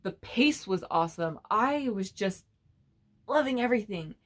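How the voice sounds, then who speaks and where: A woman's voice: mid-range voice, animated, a little slow. Exasperated woman ranting about a book. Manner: blunt, exasperated, swears freely. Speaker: book vlogger. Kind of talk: casual ranting book review.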